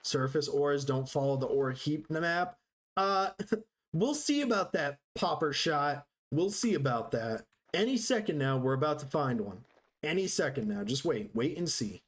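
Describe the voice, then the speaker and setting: A man's voice: a little high, animated, measured pace. A man streaming a game live, chatting casually with his viewers in a joking, sarcastic, rambling way. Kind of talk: casual live-stream chat while gaming.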